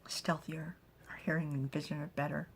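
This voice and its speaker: A woman's voice: low-pitched, little pitch movement, moderate pace, slight background noise. A woman voicing a playful young daughter of a chief, soon to marry, who teases her father. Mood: teasing. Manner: teasing, lightly cocky.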